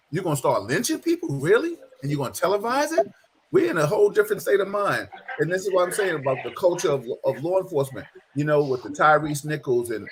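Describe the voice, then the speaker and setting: A man hosting a panel discussion, talking in an animated, emphatic way. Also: mid-range voice, a little hiss or hum, poor audio. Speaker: host.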